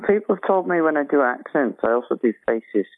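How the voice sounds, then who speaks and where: A comedian talking casually in an interview about doing accents, relaxed and self-deprecating. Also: male voice, a little high, fairly quick, dry recording. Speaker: comedian and tattoo artist. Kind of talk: interview answers. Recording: phone-like dry line.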